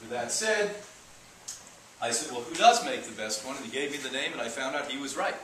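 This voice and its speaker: Male health lecturer, animated and wry, caught from a distance in a reverberant room. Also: mid-range voice, fairly quick, slight background noise. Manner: animated, joking, mocking asides. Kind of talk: live lecture to an audience. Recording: echoey room, speaker far from mic.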